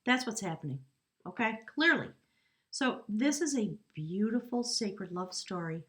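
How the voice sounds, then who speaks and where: A woman's voice: medium pitch, lively intonation, measured pace, a bit bright. A woman giving a tarot card reading to camera, earnest and coaxing, often checking in with the viewer. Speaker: tarot reader.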